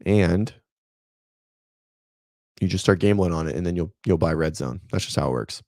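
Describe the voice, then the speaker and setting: A man's voice: deep voice, normal speed, vocal fry, mellow, dry recording, clean studio sound. A man in his thirties, a fitness coach and host, chatting casually on a livestream in a rambling, laid-back way and talking to viewers by name.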